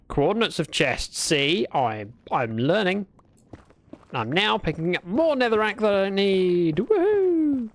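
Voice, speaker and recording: A man's voice: high-pitched, expressive, unhurried. A man chatting through a gameplay livestream, talking to himself and greeting viewers. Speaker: streamer. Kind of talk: casual gameplay livestream commentary.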